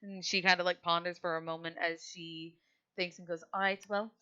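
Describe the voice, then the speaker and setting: A woman's voice: fairly low pitch, little pitch movement, normal speed, pushed and bright, clean tone, highs cut off. A woman running a tabletop game as game master, narrating casually with sighs and fillers.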